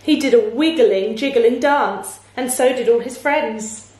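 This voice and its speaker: A woman teacher reading a children's storybook aloud in a playful way, pausing to ask her listeners questions. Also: fairly high pitch. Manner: slow, warm, playful, asks listeners questions. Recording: echoey room.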